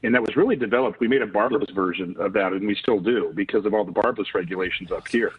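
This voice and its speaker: Guy on a phone line rattling off quick, husky voice, sounds far off and tinny. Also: lowish voice. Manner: hesitant, many restarts and fillers. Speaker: fishing hook company guest on the phone. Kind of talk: casual radio chat.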